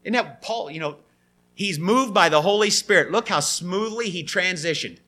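Male preacher, sermon, high voice, bright tone, acts out quotes. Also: normal speed.

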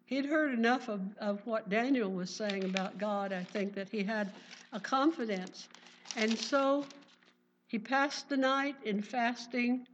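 A woman teaching a Bible study in an earnest sermon style, reading verses and often saying praise. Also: fairly high pitch. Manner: earnest, exclaims "Praise the Lord". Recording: dull lo-fi recording.

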